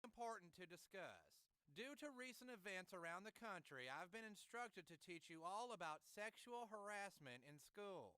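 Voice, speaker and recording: A high-pitched cartoon teacher. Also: male voice, lively intonation, moderate pace, few pauses, pushed and bright, clear, resonant tone, no room sound. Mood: lecturing. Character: adult male schoolteacher giving a lecture. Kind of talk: animated cartoon dialogue. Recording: faint far clip played from a show.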